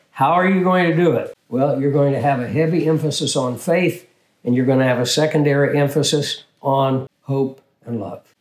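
An older man teaching scripture as a pastor, his voice set a bit higher than most men's. He talks in a measured way and keeps asking questions and answering them himself. The room around him rings with a noticeable echo. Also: darkish tone. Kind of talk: Bible teaching.

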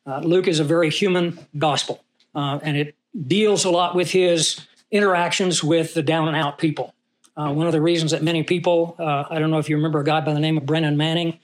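A man's voice: fairly high pitch, fairly even intonation, fairly quick. A man teaching a Bible study, who reads scripture aloud and puts questions to his class.

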